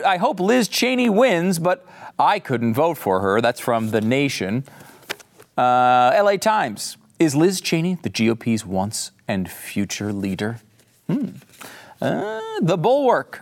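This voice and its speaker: A man hosting a political talk show, delivering sarcastic commentary in a mocking, theatrical way. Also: fairly high pitch. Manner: mocking, theatrical, jumps between voices. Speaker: podcast host.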